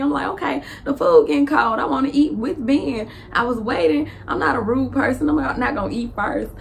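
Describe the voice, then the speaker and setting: Young Southern woman vlogger, animated storyteller who jumps into high voices for dialogue, faint hiss behind her. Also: fairly quick, gravelly, hardly any pauses. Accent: Southern US (Memphis). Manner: lively, laughing, acts out dialogue with big pitch jumps.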